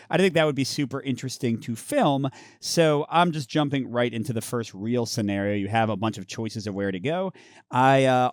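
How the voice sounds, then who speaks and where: A man's voice: mid-range voice, no echo, studio quality. A man hosting a tabletop card game playthrough, chatting casually as he explains the rules and reads the story text aloud. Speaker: host of a board game channel.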